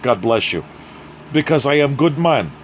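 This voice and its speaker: A man voicing a gruff, proud former male spy in a mock Russian accent, speaking stiff, broken English. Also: medium pitch, lively intonation, normal speed, slight background noise, close to an everyday voice. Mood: wounded pride.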